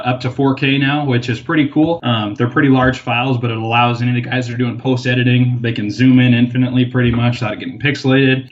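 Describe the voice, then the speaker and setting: A man guesting on a podcast, telling stories and talking gear in a relaxed, rambling way with many fillers. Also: medium pitch, lo-fi sound. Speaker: guest, company representative. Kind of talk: casual storytelling and product talk.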